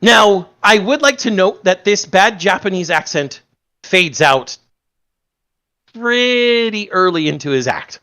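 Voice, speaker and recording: A man's voice: high-pitched, animated, slow pace, pushed and bright. A man in a casual podcast chat, recounting anime scenes at length with fillers and restarts.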